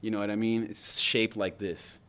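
A man's voice: fairly low pitch, moderate pace. A man telling a war story on a podcast in casual, profane talk, acting out what people said. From United States. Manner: profane, animated storytelling with acted-out quotes. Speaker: podcast guest.

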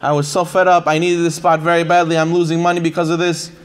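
A man giving a lively sermon, telling stories and acting out the people in them with repeated phrases. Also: a little high, quick pace, slight background noise. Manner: animated, repetitive phrasing, acts out quoted voices. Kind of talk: sermon with storytelling.

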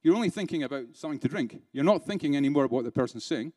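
A British keynote speaker addresses a conference in a chatty manner, peppering the room with rhetorical questions and dropping into dry sarcasm. His voice is a little high for a man, expressive, very fast and dark in tone, and it sounds close and dry with no room sound.

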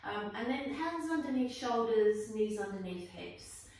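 A woman yoga teacher calmly talking students through a guided flow, with gentle encouraging cues. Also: mid-range voice, a little slow. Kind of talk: guided yoga class instruction. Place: indoor room, teacher on her mat. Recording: echoey room, voice from a distance, faint background noise.

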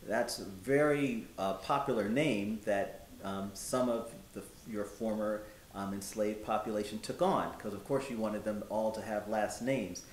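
A calm, respectful man of the 1790s, as a reenactor plays him reads off names and dates with steady pauses and frequent ums. His voice is on the low side. The recording is roomy, with a faint rumble underneath. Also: natural voice. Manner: measured, listing facts with many ums. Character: man giving news of freed neighbors, respectful and steady. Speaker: historical reenactor. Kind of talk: historical reenactment dialogue.

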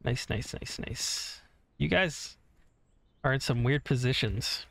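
Gravelly man rambling over gameplay. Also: mid-range voice, slow, a bit bright, no echo. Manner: rambling, swears freely, hums to himself. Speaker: gaming channel host. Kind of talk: casual let's-play commentary. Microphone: desk mic separate from headset.

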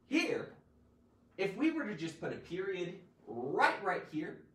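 Man teaching grammar live, playful and theatrical, wildly swooping pitch, slow deliberate delivery, echoey room, distant mic. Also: huge pitch swings. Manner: theatrical and playful, with sudden loud exclamations. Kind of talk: lively live-streamed grammar lesson. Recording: roomy echo, mic at a distance.

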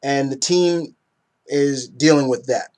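A man's voice: mid-range voice, takes it slowly, a little mellow. A man in his thirties casually reviewing comic books, enthusiastic and rambling, often tripping over names.

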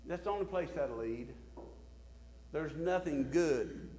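Man, pastor, sermon, high voice, very animated delivery. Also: takes it slowly, slight background noise. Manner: preaching with rising emphatic bursts and softer drops.

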